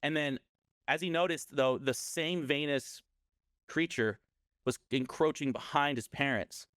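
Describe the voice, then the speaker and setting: A man's voice: on the high side, a little slow, fairly bright tone, clear, resonant tone, no room sound, clean studio sound. Rambling man telling a scary story. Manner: rambling, self-correcting storyteller. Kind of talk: casual storytelling on a podcast.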